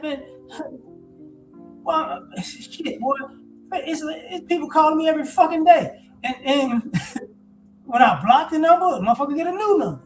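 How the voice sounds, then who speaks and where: A man's voice: very high-pitched, poor audio. Profane, ranting man in his forties. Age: 40s. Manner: blunt, profane, animated ranting. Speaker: commentator. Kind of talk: casual monologue.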